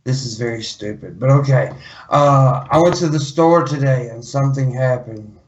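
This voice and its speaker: A man, a podcast regular, talking in a grumbling deadpan that breaks into shouted threats. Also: mid-range voice, moderate pace. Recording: dull lo-fi call with crowd behind.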